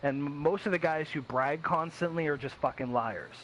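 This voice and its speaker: Blunt, profane man, higher voice. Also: normal speed, a bit bright, slight background noise, rough recording. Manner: blunt, profane, emphatic, heavy with fillers. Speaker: gaming streamer. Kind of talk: casual chat.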